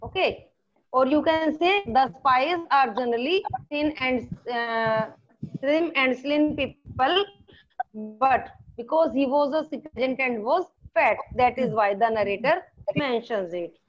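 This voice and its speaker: A woman teacher with an Indian accent who repeats each question, explains slowly and slips into Hindi. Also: high-pitched, muffled recording. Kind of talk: online class lesson.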